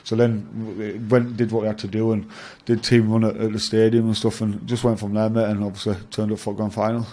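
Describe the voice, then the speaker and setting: A man's voice: fairly low pitch, flat delivery, a little fast, few pauses, dark tone. A young man with an English accent, a rugby league player chatting as the interview guest, rambling with frequent fillers and swearing, calling people mate. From England. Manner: rambling, laughs often, swears, says mate. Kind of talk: casual interview chat.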